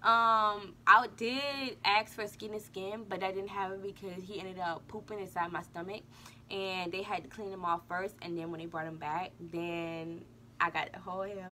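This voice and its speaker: A woman's voice: mid-range voice, steady tone, moderate pace, pushed and bright, slight background noise. A young woman vlogger casually telling a birth story and talking straight to her viewers. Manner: chatty, addresses viewers as y'all.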